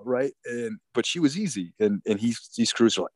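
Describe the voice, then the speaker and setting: A man's voice: on the low side, a little fast, darkish tone, no echo. A man talking in a crude, rambling, profane way in casual chat.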